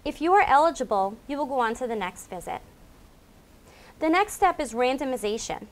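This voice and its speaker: A woman with a slightly high voice reads a scripted explainer. Her delivery is clear and measured, in the even manner of a clinic staff member walking patients through the steps. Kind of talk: scripted informational narration.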